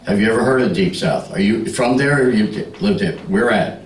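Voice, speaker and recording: A man's voice: fairly low pitch, a little fast, reverberant, far from the mic, low-quality recording. A man doing stand-up comedy on a club stage, teasing the audience with brash, bawdy crowd work.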